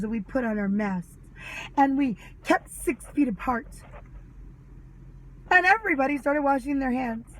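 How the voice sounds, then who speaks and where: A woman's voice: sits high, animated, moderate pace, long pauses, a little hiss or hum, low-quality recording. A mother ranting angrily to camera, sarcastic and full of swearing. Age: adult mother. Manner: heated, sarcastic, swears a lot. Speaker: vlogger. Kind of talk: angry ranting monologue.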